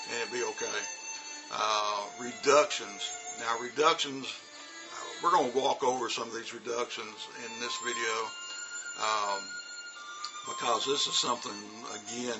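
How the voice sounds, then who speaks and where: A man's voice: medium pitch, poor audio. Chatty man giving teaching tips. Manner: loose and chatty, demonstrating spoken examples. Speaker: English teacher. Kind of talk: casual teaching advice to teachers.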